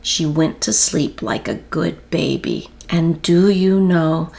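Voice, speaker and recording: A woman reading a children's story aloud in a gentle storytelling manner with expressive pauses. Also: low-pitched, vocal fry.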